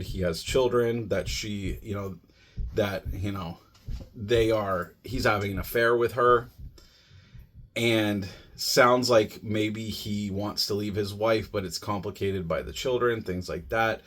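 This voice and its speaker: Male podcast reviewer, somewhat low register, relaxed chatty delivery with plenty of filler words. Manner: conversational, many "you know" and "like" fillers. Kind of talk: casual plot summary.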